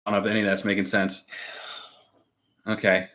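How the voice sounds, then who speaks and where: A man's voice: fairly low pitch, little pitch movement, fairly quick, a bit bright. Laid-back man chatting with viewers. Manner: rambling, laughs often, many fillers. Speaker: co-host of a live stream. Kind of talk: casual live-stream chat reading viewer comments.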